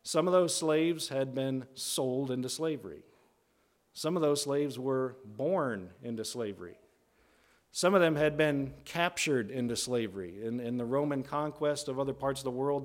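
A man teaching verse by verse through a Bible book, deliberate and emphatic, often checking in with "right?". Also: medium pitch. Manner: deliberate, stretches key words, often adds "right?".

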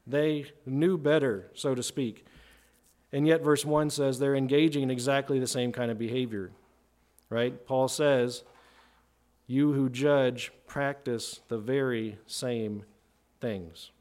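A man's voice: mid-range voice, steady tone, slow, a little mellow. A middle-aged man preaching a sermon in a conversational way, often checking in with "right?". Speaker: pastor.

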